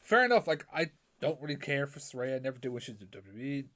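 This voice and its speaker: A man, co-hosting a podcast in casual chat, animated and swearing freely as he talks. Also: medium pitch, fast. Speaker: podcast co-host.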